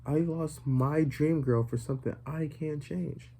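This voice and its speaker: Mellow-voiced young man rambling through a story. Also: fairly high pitch, a little slow, vocal fry. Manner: rambling, filler-heavy, deadpan joking. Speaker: vlogger. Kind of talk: comedic storytime monologue.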